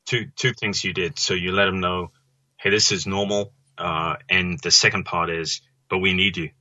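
A man's voice: sits low, steady tone, normal speed, bright, forceful tone, no room sound, highs cut off. A male podcast host summing up a point in a reflective way, with many restarts. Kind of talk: conversational interview.

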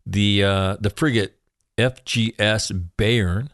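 Brief: deep-voiced male commentator, ex-Marine, irreverent and profane, dry close sound. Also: steady tone, slow pace, fairly bright tone, dry recording. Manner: sarcastic, profane asides, jokey. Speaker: military news commentator, former Marine. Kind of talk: casual news commentary.

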